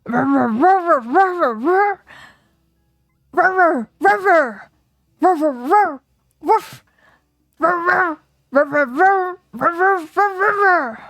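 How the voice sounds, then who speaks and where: A woman voicing a wise male dog professor in a game, giving high yelping barks. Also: lively intonation, slow pace, long pauses, fairly bright tone, no echo, clean studio sound, heavily acted. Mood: excited barking.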